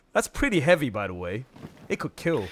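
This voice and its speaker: A young man hosting a live stream in a casual, playful, animated way, quick to laugh. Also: medium pitch, a little hiss or hum.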